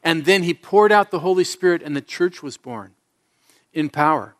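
A middle-aged male pastor delivers a sermon to his congregation during a church service, his voice a touch higher than most men's. Animated and at a moderate pace, he tells stories earnestly with a streak of self-mocking humor.

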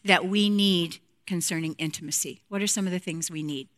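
A woman's voice: lowish voice, brisk, a bit bright. A woman speaking frankly to a women's group about marriage and intimacy, playful and direct, acting out quotes from couples.

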